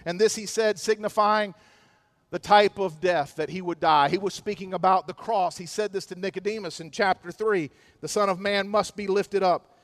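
A pastor preaching a sermon, dramatic and emphatic, sometimes rising close to a shout. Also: male voice, sits high, normal speed.

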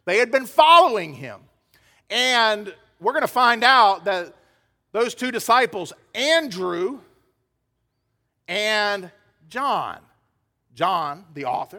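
A man's voice: extremely high pitch, sharp tone. A man preaching a sermon as pastor, emphatic and acting out the quoted dialogue. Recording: hall reverb.

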